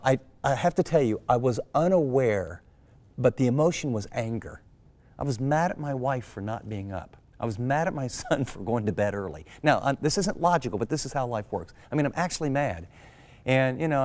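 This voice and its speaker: A middle-aged man, a pastor, telling a personal story in a sermon and acting out his family's voices with big jumps in pitch. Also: a little mellow. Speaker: pastor and Bible teacher.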